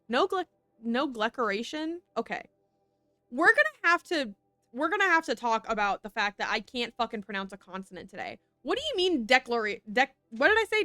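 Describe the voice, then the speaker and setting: A woman's voice: fairly high pitch, sing-song, fairly quick, pushed and bright, dry recording, soft background music. A woman streaming a video game in a casual chat, talking to herself and laughing at her own slips.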